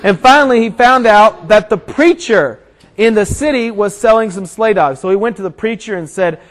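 A man preaching to a crowd, praying and then telling a funny story before a Bible passage, growing animated and shouting at the climax. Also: high-pitched, fairly quick, rough recording. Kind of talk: storytelling sermon.

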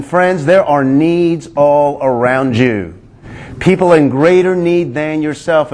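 Emphatic high-voiced male preacher. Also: rough recording. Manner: emphatic, repeats key lines, calls for amens. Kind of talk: sermon.

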